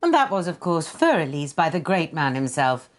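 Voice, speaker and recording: A woman's voice: low-pitched, big pitch swings, moderate pace. An actress playing a snooty woman who hosts a family quiz over a video call, pompous, proper and sarcastic. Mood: prim. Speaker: family member hosting a quiz round.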